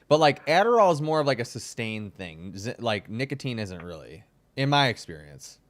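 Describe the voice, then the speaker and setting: A man's voice: mid-range voice, big pitch swings, normal speed. A young man hosting a podcast, talking in a laid-back, slangy way and laughing often. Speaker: podcast host. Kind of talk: casual chat.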